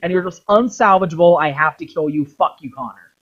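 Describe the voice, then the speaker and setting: A man's voice: a little high, fairly even intonation, a little fast, breathy edge. A man voicing a scornful, swearing middle-aged Templar father, on a dull lo-fi recording. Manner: contemptuous, swearing.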